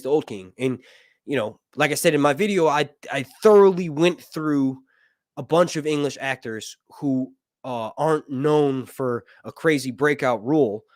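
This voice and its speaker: A man's voice: mid-range voice, no room sound, clean studio sound. A man hosting a casual live stream, reading viewer messages aloud and chatting with lots of laughs and energy. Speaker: livestream host.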